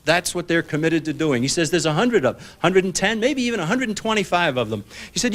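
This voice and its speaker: A man, an author, giving a public lecture to an audience, folksy and emphatic, acting out what others said in lively asides. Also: high-pitched, fairly quick, few pauses. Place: public library lecture hall. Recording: 1990s broadcast recording.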